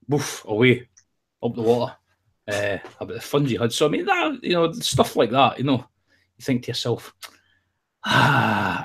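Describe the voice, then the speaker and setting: Brief: man, husky, chatty and profane, meandering opinions. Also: medium pitch. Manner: rambling, profane, jokey storytelling. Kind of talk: casual chat.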